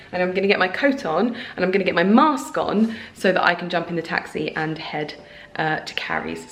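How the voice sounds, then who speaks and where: A woman, gushing and excitable as she chats through a casual unboxing vlog at home. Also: lowish voice. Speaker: lifestyle vlogger. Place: home, indoors. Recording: roomy home recording.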